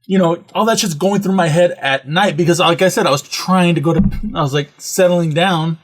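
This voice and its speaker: A man's voice: on the high side, fairly quick. A man hosting a podcast, telling a rambling, profane story in casual chat. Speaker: podcast host.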